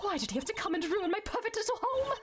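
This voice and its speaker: Woman playing a ranting warden villain, shrill, wildly swooping voice, game music behind. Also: sing-song, fast talker. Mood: bitter ranting. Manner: ranting, escalating to screams. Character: unhinged female prison warden villain.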